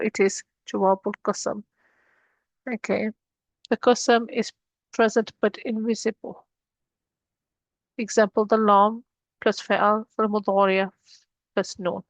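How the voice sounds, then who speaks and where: A woman's voice: mid-range voice, dry recording. A woman teaching an Arabic grammar lesson, explaining each rule step by step and mixing English with Arabic terms.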